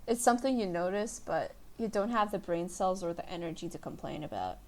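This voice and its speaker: A woman's voice: fairly low pitch, expressive, brisk, a little mellow. A young woman hosting her own podcast, chatting casually and rambling in a self-deprecating way. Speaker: podcast host. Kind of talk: casual solo podcast chat.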